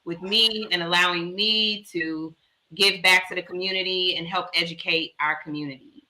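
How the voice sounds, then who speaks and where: A woman doctor speaking as a talk-show guest, measured and earnest, with light laughs. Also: lowish voice, fairly even intonation, pushed and bright, rough recording. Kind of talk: warm appreciative talk-show chat.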